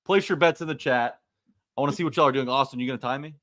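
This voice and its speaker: A man's voice: mid-range voice, rapid-fire, a bit bright, no echo, studio quality. A man co-hosting a live sports podcast, talking animatedly and hyping up the live chat. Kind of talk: casual live-stream chat.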